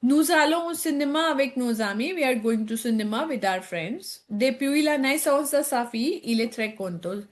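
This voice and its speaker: A woman's voice: sits high, normal speed, hardly any pauses. A woman with an Indian English accent teaching French from a textbook, reading each line aloud and then translating it into English, checking in with "okay?" as she goes. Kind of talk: textbook lesson walkthrough.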